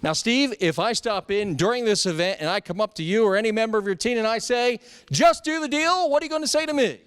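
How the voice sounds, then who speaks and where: A man hosting a dealership commercial in a very high, smooth and resonant voice, upbeat and polished like an announcer. The sound is close and dry. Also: fast talker, no echo. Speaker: TV commercial host.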